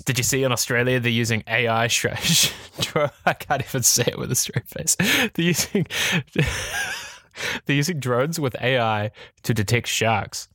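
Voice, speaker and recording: Laughing, excitable male podcast host. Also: medium pitch, measured pace, no echo, studio quality. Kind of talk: casual tech podcast chat. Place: indoors. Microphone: large studio microphone.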